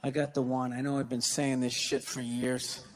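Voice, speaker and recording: A man from the United States performing a stand-up comedy set on stage, telling stories with loud bursts and acted-out quotes. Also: medium pitch, flat delivery, normal speed. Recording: live hall reverb, faint noise.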